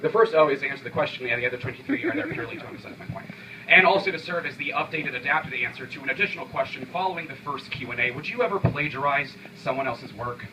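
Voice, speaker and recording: A young man performing an intense, rhythmic spoken word poem at a coffee shop open mic, swinging from quiet lines to sudden shouts. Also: mid-range voice, animated, fast, far from the mic, noisy background.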